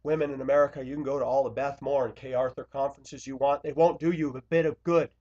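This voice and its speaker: A man's voice: medium pitch, fairly even intonation, fast. Blunt, confrontational man on a dull recording. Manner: blunt, confrontational, swings between loud outbursts and quiet asides. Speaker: Christian video blogger. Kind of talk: impassioned confessional monologue.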